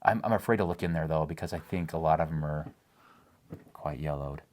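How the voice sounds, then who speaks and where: A man co-hosting a casual chat, playful and quick to laugh. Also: very deep voice, a little mellow. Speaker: co-host.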